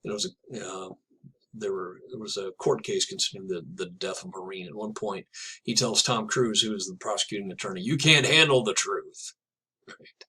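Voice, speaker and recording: A man teaching a literature class in a chatty, digressive way, reading poems aloud slowly and telling jokes along the way. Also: low voice, fairly even intonation, fairly bright tone, slightly rough, rough recording. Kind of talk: classroom lecture with poetry reading.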